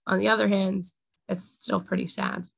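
A woman's voice: medium pitch, level tone, normal speed, creaky, husky, dry recording, rough recording. A young woman teaching a casual Torah class, talking things through with many fillers. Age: young adult.

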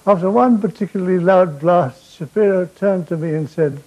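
An older man telling wartime comic anecdotes on stage, with dry deadpan timing and stammered restarts. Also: high voice, moderate pace, lo-fi sound. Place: theatre stage before a laughing audience.

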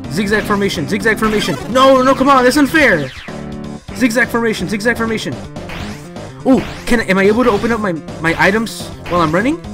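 A man doing live commentary as he plays a video game, excitable and talking to himself. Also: high-pitched. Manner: excitable, talks to himself while playing. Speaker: let's play gamer.

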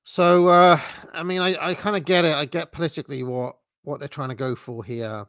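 This political commentator's voice is a little high and fairly bright, with fairly even intonation and normal speed, and no echo. Streaming live, he rambles through opinionated, dismissive takes, stumbling over fillers and restarts.

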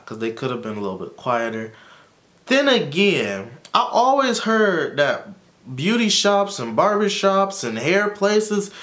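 A man's voice: a little high, fairly bright tone. A man giving a casual, rambling recap of a TV episode as a YouTube reviewer, frank about what he likes and dislikes. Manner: chatty, rambling, dismissive asides like "blah, blah, blah".

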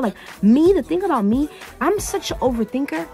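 A woman's voice: sits high, fairly quick, hardly any pauses, soft background music. A young adult woman vlogger telling a dramatic storytime while getting ready, casual and slangy, acting out the people she quotes. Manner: animated, dramatic retelling with quoted voices.

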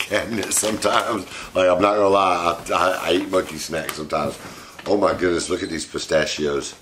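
With a deep voice over a noisy background, a man hosts a casual unboxing vlog. The channel host owns a pet monkey and is chatty and affectionate, often talking to his pets.

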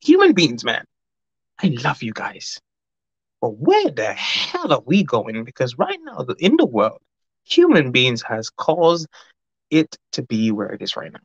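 A man hosting a casual livestream, reading out chat and greeting viewers by name, talking in a rambling, fast way. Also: mid-range voice, wildly swooping pitch, creaky, slightly rough, no echo. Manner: rambling, warm greetings, frequent laughs; fast-talking, says his mouth runs fast. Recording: dull lo-fi dry recording.

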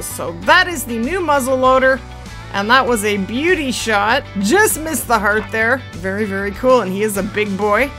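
A woman giving game commentary for her channel, explaining things calmly and then squealing and laughing when the action heats up. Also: a little high. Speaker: gaming YouTuber.

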